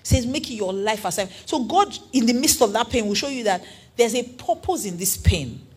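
A woman preaching a sermon in an earnest, animated way, asking her listeners questions. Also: fairly high pitch, a little fast, husky.

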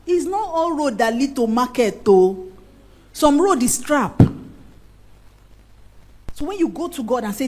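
A woman with a Nigerian accent preaching a sermon, playful and animated, dropping into pidgin asides. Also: a little high, normal speed, long pauses, rough recording.

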